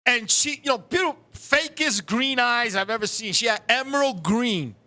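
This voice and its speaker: A man hosts a casual live-streamed talk show, telling stories in an animated, profane manner with frequent laughter. His voice is very high-pitched and he talks at a normal speed.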